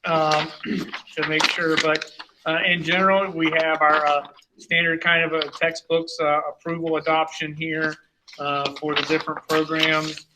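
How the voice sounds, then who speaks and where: A man's voice: a little high, level tone, unhurried, noisy background. A man giving a conversational, rambling report as superintendent at a school board meeting. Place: meeting room.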